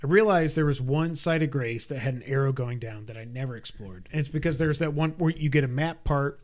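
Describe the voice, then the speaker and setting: Rambling, animated man chatting about games. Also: medium pitch, brisk. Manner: rambling, animated, frequent fillers and restarts. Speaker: podcast co-host. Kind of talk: casual gaming chat.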